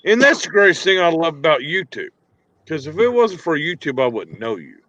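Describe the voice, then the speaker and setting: A man's voice: a little high, big pitch swings, brisk, bright, forceful tone, slight background noise. A man guesting on a livestream, earnestly thanking the hosts who helped his channel. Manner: earnest, grateful. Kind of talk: casual livestream chat.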